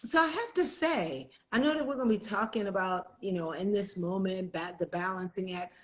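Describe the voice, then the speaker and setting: On a video call with low-quality audio, a middle-aged woman who is an executive director co-hosts a live stream. Her mid-range voice runs a little fast as she chats casually, laughing often, with many fillers and restarts.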